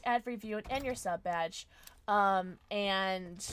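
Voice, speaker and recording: A woman streaming a horror game live, chatting with her viewers, thanking them and reacting loudly to scares. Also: medium pitch, takes it slowly, a little hiss or hum.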